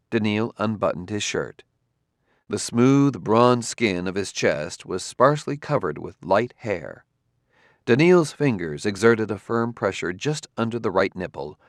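A man reading a story aloud in a measured narrating style. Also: on the low side, dry recording, clean studio sound. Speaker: audiobook narrator. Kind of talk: scripted narration.

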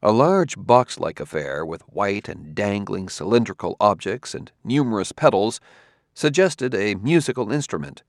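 A man giving measured, expressive scripted narration of a science fiction novel. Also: on the low side, no echo, studio quality. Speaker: audiobook narrator.

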